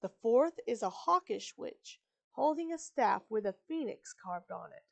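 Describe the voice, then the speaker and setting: A woman's voice: fairly high pitch, expressive, measured pace, gravelly. A woman reads a story aloud on a live stream, breaking off often for casual asides. She is chatty and digressive, stumbling on words and correcting herself as she goes. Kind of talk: reading a book aloud with casual commentary.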